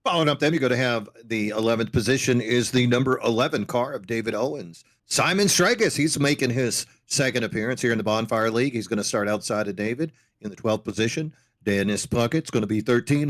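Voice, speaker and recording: Joking male co-commentator. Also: mid-range voice. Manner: relaxed, joking, reads the grid. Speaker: race commentator. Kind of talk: sim racing broadcast commentary.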